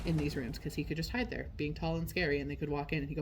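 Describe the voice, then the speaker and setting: A woman's voice: sits low, steady tone, fast talker, hardly any pauses, slight background noise. A woman who guides psychic trips, narrating a travel vlog in a chatty, enthusiastic way with lots of casual fillers. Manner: chatty and enthusiastic, with frequent "like" and slang.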